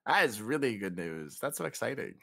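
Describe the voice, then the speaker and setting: A man's voice: lowish voice, sing-song, fairly quick, gravelly, fairly bright tone, dry recording, clean studio sound. A young man co-hosting a casual podcast, playful and laughing, with mock self-pity. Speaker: podcast co-host.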